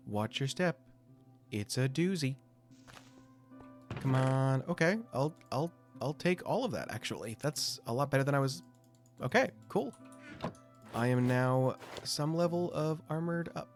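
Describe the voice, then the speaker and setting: Young guy chatting thru his game run, mid-pitched voice, kinda self-mocking, soft music in the back. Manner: chatty, thinks aloud with self-mocking asides. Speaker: gameplay commentator. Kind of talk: casual let's-play commentary.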